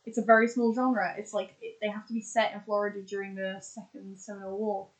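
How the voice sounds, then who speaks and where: A woman's voice: mid-range voice, flat delivery, quick pace, rough recording. A woman in casual podcast chat, running through examples with lots of fillers and restarts. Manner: chatty, lists examples with many fillers and restarts. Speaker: podcast co-host.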